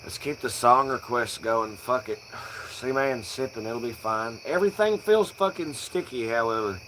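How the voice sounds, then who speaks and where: A young man riffs on a casual live stream, loose and profane. His voice is bright and forward, and crickets chirp faintly in the dark outside. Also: medium pitch, moderate pace, a little hiss or hum, rough recording. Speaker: livestream host.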